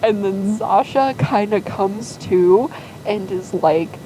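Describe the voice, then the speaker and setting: A woman's voice: mid-range voice, slow, warm tone, slight background noise, poor audio. A woman casually telling a rambling fan story, acting out quoted lines and filling with "like". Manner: rambling, full of "like" and quoted voices.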